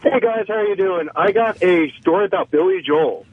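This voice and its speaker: A man calls a radio show and tells a story in a brisk, matter-of-fact way. His voice is somewhat high for a man. It comes through a tinny, narrow phone line. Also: no room sound. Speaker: caller. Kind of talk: telling an anecdote on the phone.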